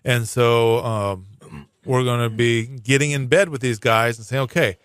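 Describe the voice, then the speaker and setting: A man's voice: medium pitch, fairly even intonation, unhurried, a bit bright, clear, resonant tone, dry recording, clean studio sound. A man speaking as a prosecuting attorney guest in a casual radio interview, explaining at length with many fillers and restarts. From Hawaii. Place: radio studio.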